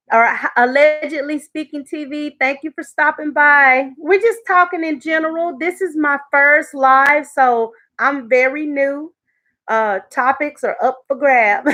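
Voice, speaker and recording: A woman's voice: sits high, a bit bright. A woman hosting her first YouTube live stream, chatting casually with viewers and laughing often.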